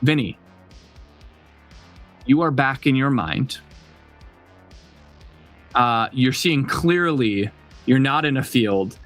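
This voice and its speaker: A man's voice: medium pitch, expressive, takes it slowly, pauses often, fairly bright tone, soft background music. A man running a tabletop game as game master, describing scenes with many fillers and restarts.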